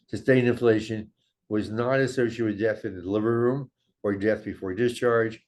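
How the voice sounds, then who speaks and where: An older man giving a measured academic medical lecture, walking through slides of study data. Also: on the low side, steady tone, a little mellow.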